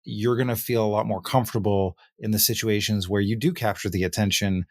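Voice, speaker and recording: A man hosting a podcast, telling relaxed anecdotes in casual conversation. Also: lowish voice, a little fast, no room sound, clean studio sound. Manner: relaxed, anecdotal, filler-heavy. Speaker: podcast host.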